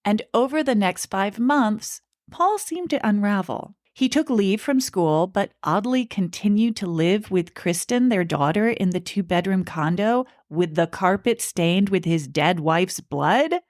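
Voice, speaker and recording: A woman's voice: mid-range voice, lively intonation, a little slow, few pauses, a little mellow, dry recording, studio quality. A woman co-hosting a podcast, telling a true-crime story in a casual, chatty way with asides. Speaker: podcast co-host.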